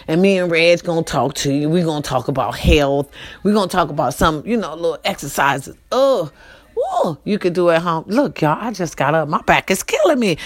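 A middle-aged woman, hosting a casual, profane and preachy talk to her viewers, her pitch swooping up and down. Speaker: vlog host.

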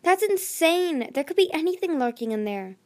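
A woman's voice: fairly high pitch, expressive, normal speed, close to an everyday voice. A woman doing Starflight, a nervous dragon scholar. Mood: alarmed. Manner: fretful, lecturing. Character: anxious bookish male dragon scholar.

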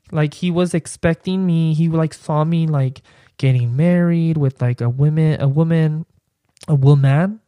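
Young man rambling with a mellow voice. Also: medium pitch, no echo, studio quality. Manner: rambling, heavy use of "like" as filler. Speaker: podcast host. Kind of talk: casual personal storytelling.

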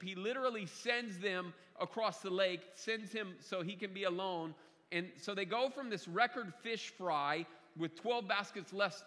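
A man's voice: sits high, bright, forceful tone, big-room sound. A man preaching a sermon to a congregation in a conversational way, repeating key phrases and often restarting his sentences. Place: church sanctuary.

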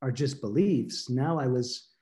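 This guest author, interviewed about something personal, speaks at a medium pitch with a dark tone. Earnest and reflective, he falters and repeats words as he hunts for them, more so when moved.

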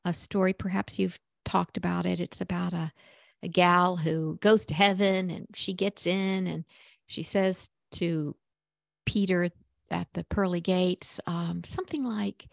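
A woman hosting a prayer podcast, giving spiritual teaching and leading a guided prayer in a soft, often half-whispered, meditative and conversational way. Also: lowish voice, fairly even intonation, a little slow, creaky, dry recording, studio quality. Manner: conversational with fillers, storytelling.

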